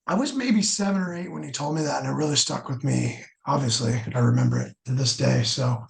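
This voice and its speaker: A man's voice: mid-range voice, brisk, creaky. A middle-aged former hockey player, a man, chatting easily as a podcast guest. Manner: easygoing, many fillers. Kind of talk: casual chat.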